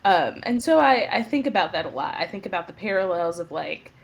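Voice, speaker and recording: Animated young woman telling stories. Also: fairly quick, vocal fry. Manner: animated storyteller, acts out quotes with big pitch jumps, laughs often. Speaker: guest playwright. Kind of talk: casual interview chat.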